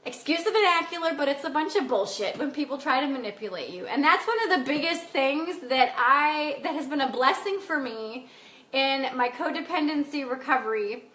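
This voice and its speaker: Woman, life coach, blunt and emphatic, live-stream chat, bright tense voice. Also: sits high, expressive, normal speed, echoey room. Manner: blunt and emphatic, swears casually. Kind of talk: casual live-stream chat, reading comments.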